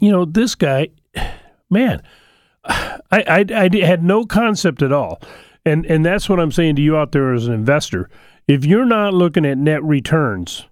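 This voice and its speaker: A middle-aged man hosting a radio show, his voice pitched a little higher than most men's. He tells stories in a folksy, energetic way, stumbling and restarting as he goes. The studio sound is dry and close. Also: no room sound. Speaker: radio show host, financial advisor. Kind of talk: call-in radio talk, storytelling.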